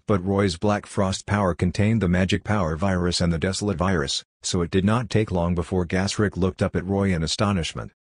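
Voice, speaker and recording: Deep-voiced man narrating an audiobook. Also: no echo, studio quality. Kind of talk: scripted narration.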